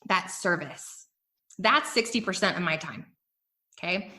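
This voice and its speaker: A woman hosting a business podcast, giving energetic, emphatic motivational talk straight to her listeners. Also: fairly low pitch, unhurried. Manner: energetic, emphatic, addresses listeners as "you guys". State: emotional, near tears. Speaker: podcast host and business coach.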